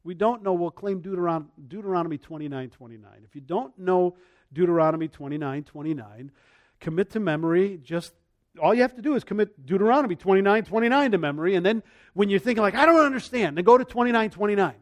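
High-voiced animated preacher man. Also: quick pace. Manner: animated, swings between loud and soft; acts out quoted voices. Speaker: pastor. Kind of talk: sermon.

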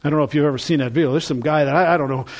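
A man's voice: a little high, steady tone, racing. A man preaching a sermon in a conversational way, building to emphatic bursts. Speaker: pastor.

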